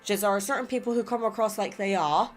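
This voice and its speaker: Speaking fast at a medium pitch with faint music in the background, this English woman runs a gaming channel and works through viewer comments. Her accent is West Country with some American mixed in, and her chatter wanders, casual and self-doubting.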